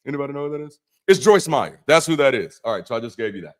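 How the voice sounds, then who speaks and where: Speaking very fast with lively intonation, a mid-range-voiced ex-pastor leads a laid-back Bible study livestream. He swears freely, throws in joking asides, and often repeats himself or restarts mid-sentence.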